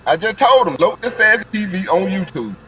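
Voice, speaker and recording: Excitable high-voiced man telling a story. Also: moderate pace, slight background noise, rough recording. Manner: excitable storyteller, heavy slang. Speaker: guest on a live stream. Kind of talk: animated fishing story, casual chat.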